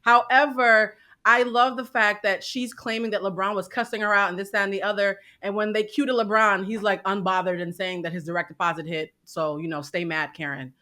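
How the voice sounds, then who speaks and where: A woman co-hosting a gossip talk show, animated and sarcastic. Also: medium pitch, brisk, few pauses. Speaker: co-host. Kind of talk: casual gossip show chat.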